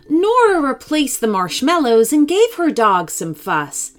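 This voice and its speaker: Lady reading a kids story slowly, lively ups and downs, soft music under. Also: high voice. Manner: expressive. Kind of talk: children's story read-aloud.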